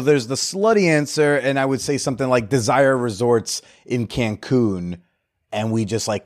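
A man in the middle of his pitch range talks candidly and casually as a podcast host, swearing freely while reflecting on himself. The recording is dry, with no room sound around his voice. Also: dry recording. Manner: candid, profane, self-reflective. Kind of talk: casual storytelling.

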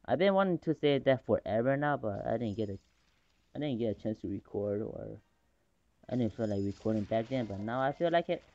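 A man casually commentating his own game match, rambling between calls and excitable in fights. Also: medium pitch, brisk, no echo. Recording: dull lo-fi recording.

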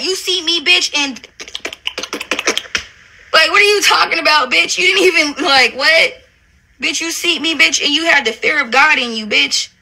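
High, gravelly, pushed and bright, her voice carries an angry livestream rant. The reality TV personality curses out someone who wronged her, confrontational and leaning on "bitch" over and over.

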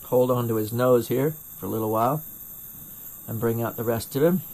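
A middle-aged North Carolina man talks fairly quickly at a mid-range pitch, his voice a little mellow, during a live torch glassblowing demo. He rambles, restarts sentences and pokes fun at himself while answering viewers. A first-person camera mic at his home bench picks up slight background noise.

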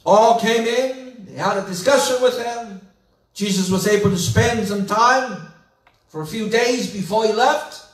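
A man pastor preaching a sermon, retelling scripture slowly and dramatically, building to emphatic questions. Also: high voice, roomy sound, far from the mic. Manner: slow, dramatic storytelling with rising emphatic questions. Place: church sanctuary.

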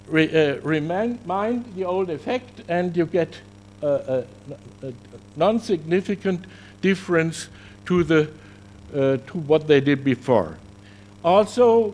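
A man with a notably high voice delivers a conference lecture on research results. He speaks haltingly, stopping to correct himself mid-phrase. A faint hum sits underneath the recording. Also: darkish tone. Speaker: scientific presenter. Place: conference venue.

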